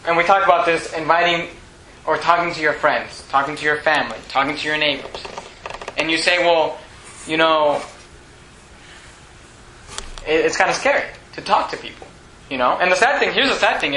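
A male pastor preaching in a church, with a high and very bright, forceful voice. He drives his points home with emphatic repetition. The sound is echoey, with a faint hiss underneath. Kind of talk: sermon. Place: church sanctuary. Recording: echoey room.

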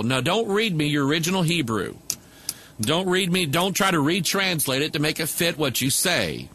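A man's voice: medium pitch, bright, forceful tone, slight background noise. A man preaching to a camera microphone, talking loosely with many fillers and restarts. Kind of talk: casual video commentary.

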